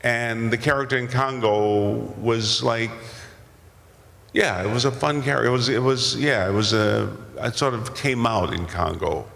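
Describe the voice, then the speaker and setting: An older actor telling stories at a convention Q&A, rambling and self-deprecating with many restarts. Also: male voice, medium pitch, normal speed, vocal fry, fairly bright tone. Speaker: guest actor. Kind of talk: convention Q&A storytelling. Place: large convention hall. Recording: convention hall with long reverb.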